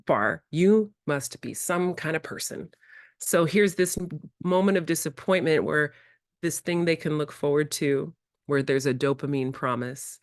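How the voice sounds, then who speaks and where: A woman presenting a childcare workshop, who acts out playful exchanges with children in bright, high voices. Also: dry recording, clean studio sound. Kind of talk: early childhood workshop talk. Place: indoor workshop room.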